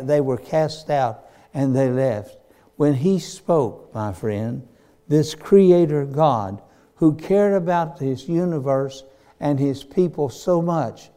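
A man preaching a sermon, slow and emphatic, with dramatic pauses and repeated phrases. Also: mid-range voice, mellow.

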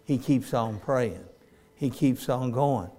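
An older man preaching a sermon. He tells homely stories in a folksy drawl, his voice sitting at an ordinary middle pitch, and he now and then breaks into loud, ringing cries. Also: slow.

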